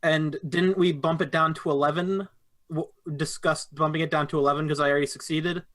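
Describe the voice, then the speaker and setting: A man's voice: on the high side, steady tone, brisk, fairly bright tone. A young man playing a tabletop game, chatting casually and often stopping to correct himself. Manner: hesitant, self-correcting. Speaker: player.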